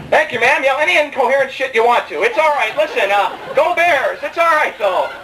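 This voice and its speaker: A man's voice: extremely high pitch, animated, normal speed. A young man performing a rambling, self-mocking stand-up comedy set, joking with the crowd in a club. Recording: distant mic in a live club, faint room ambience.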